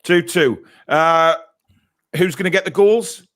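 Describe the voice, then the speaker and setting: A man's voice: a little high, slow, a bit bright. A man hosting a casual fan podcast, chatting and reacting with frequent filler words. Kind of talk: casual live-stream chat.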